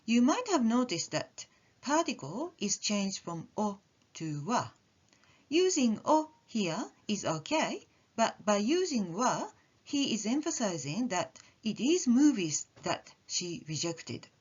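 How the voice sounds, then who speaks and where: A woman teaching a language lesson, explaining slowly and carefully and acting out the intonation of example phrases. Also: fairly high pitch, husky. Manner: slow, careful explanation with animated demonstrations of intonation. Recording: muffled, slightly dull audio.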